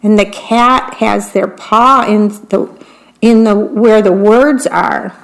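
Slow, expressive woman reading picture books. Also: mid-range voice, gravelly, low-quality recording. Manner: slow, expressive read-aloud with descriptions of the pictures. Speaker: storybook reader.

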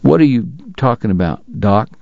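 A man's voice: on the low side, animated, normal speed, gravelly, no echo, highs cut off. A man voicing a tired, plain-spoken frontier lawman in a read-aloud story. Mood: uneasy.

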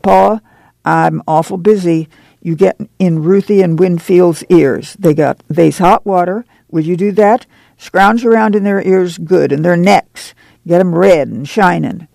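Man reading as a tired, wary migrant mother, folksy rural talk, gravelly, dark tone, audiobook. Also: fairly low pitch, unhurried, no room sound. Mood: bustling. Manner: folksy rural dialect speech. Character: weary, guarded migrant mother, older woman.

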